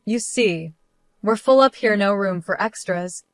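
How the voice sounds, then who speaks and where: A smug, spiteful woman with a syrupy, falsely sweet way of talking, read by a woman narrator. The delivery stays at a middling pitch. The sound is dry and close. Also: measured pace, no room sound, natural voice. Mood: sugary, mocking. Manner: overly sweet, fake concern. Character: smug spiteful woman, sister-in-law type.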